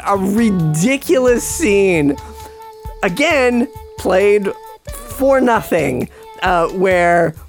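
A podcast host rambling casually about a movie, wry and full of restarts. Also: mid-range voice. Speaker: podcast host reviewing a film.

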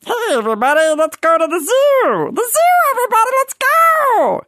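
A man puts on a cartoon meatball boy with a high, wildly swooping voice. He is relentlessly upbeat but slides into a low, grumbling testiness. The sound is dry and close. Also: sing-song, moderate pace, pushed and bright, no echo, heavily acted. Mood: super happy. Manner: swoops up and down in pitch. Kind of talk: cartoon voice impression.

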